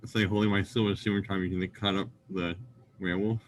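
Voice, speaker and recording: A man's voice: low-pitched, flat delivery, a little fast, slight background noise. A man playing in a tabletop game, talking in a casual, matter-of-fact way about what his character does. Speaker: player.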